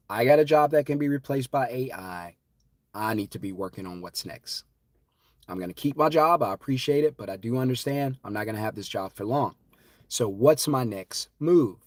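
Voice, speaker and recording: A man hosting a live stream in a fervent, preachy voice, with dramatic swings between loud and hushed. His voice sits at a middling pitch. The sound is dry and close, with no room echo. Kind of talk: impassioned live-stream talk.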